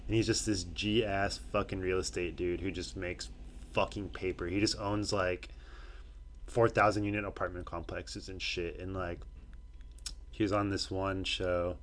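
A young man rambles through a casual podcast chat. His voice sits low, and a faint noise runs underneath. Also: level tone, measured pace. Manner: rambling, loose, puts on loud mocking voices when quoting people. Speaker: podcast co-host.

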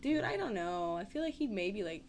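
A woman's voice: mid-range voice, big pitch swings, normal speed, noisy background. Rambling, profane young woman chatting. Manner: rambling, profane, filler-heavy storytelling. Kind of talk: casual podcast chat.

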